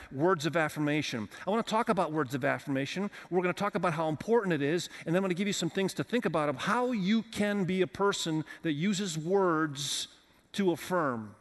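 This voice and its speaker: A man with a slightly high voice preaches in a large hall at a multi-campus church. As pastor, he speaks conversationally and puts questions to the congregation.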